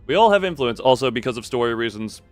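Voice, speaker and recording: A man live-streaming a story game, chatting animatedly with frequent laughs and reading the game's text aloud in a lowered, dramatic tone. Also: sing-song, fast talker, no room sound, soft background music.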